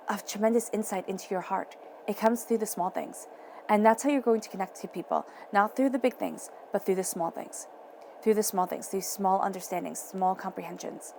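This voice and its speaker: A woman giving a tarot reading, speaking in a soft, encouraging way and repeating phrases for emphasis. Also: mid-range voice, slight background noise. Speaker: tarot reader.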